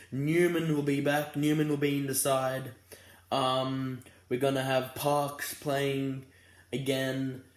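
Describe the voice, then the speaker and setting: A man's voice: mid-range voice, reverberant. A young Australian man giving a casual, rambling footy fan preview, tired and yawning but fired up about his team. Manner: rambling and fired up, many restarts.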